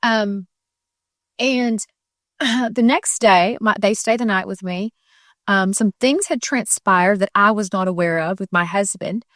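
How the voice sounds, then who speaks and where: A middle-aged woman recounts a personal faith testimony as a podcast guest. Her voice sits at an ordinary middle pitch. Her telling is earnest and tumbling, full of restarts and fillers, and the sound is dry and close with no room around it. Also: measured pace, a bit bright, no echo.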